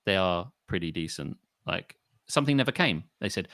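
A man's voice: low-pitched, lively intonation, a little fast, a bit bright, no echo, studio quality. A man co-hosting a podcast, ranting and swearing in casual chat. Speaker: podcast co-host.

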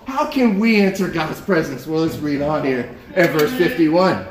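A young man preaching a sermon to a congregation, telling a story in an animated way with repeated words and frequent laughs. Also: fairly high pitch, moderate pace, hardly any pauses, a crowd in the background. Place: church hall. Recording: echoey room with a congregation. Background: congregation responding.

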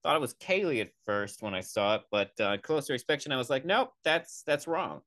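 A man's voice: mid-range voice, expressive, quick pace, fairly bright tone, no echo. A young man hosting a podcast, ranting in a sarcastic, profane, rambling way into a close mic. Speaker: podcast host. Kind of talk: comedic solo rant.

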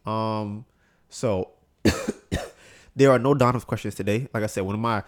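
A man's voice: lowish voice, fairly even intonation, measured pace. A young man hosting a podcast, telling a casual story in slangy talk and acting out both sides of it. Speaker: podcast host.

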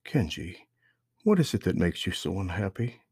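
A man voicing a gentle, sorrowful mother. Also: deep voice, very animated, normal speed, husky, no echo, studio quality, heavily acted. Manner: soft-spoken, sighing.

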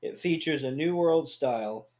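A man's voice: on the high side, moderate pace, a little mellow. A man co-hosting a podcast in easygoing, agreeable casual chat. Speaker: podcast co-host.

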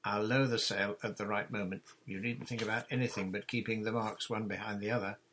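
A man's voice: fairly low pitch, steady tone, a little fast, fairly bright tone, slight background noise, natural voice. A man doing a commanding boy captain. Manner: earnest, giving orders.

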